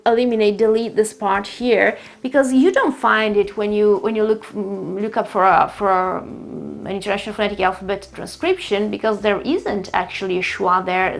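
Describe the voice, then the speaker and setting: A woman, a native Italian speaker, teaching an English pronunciation lesson at a whiteboard, explaining patiently with frequent fillers and saying words slowly several times over. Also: a little high. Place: room with a whiteboard.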